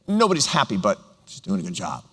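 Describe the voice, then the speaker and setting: Animated middle-aged professor in a hall. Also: male voice, lowish voice. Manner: animated, enthusiastic, quick asides. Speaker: professor and co-author. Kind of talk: onstage conversation. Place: large university auditorium. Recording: reverberant hall sound.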